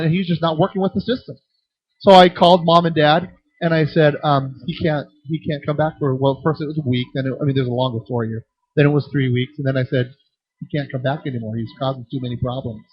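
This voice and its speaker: A middle-aged man leads a teaching session for children's ministry workers, telling stories with lively acted-out voices. His voice is a little husky and sits slightly high. The recording is dry and a bit dull. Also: no room sound. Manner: animated storytelling with acted-out voices.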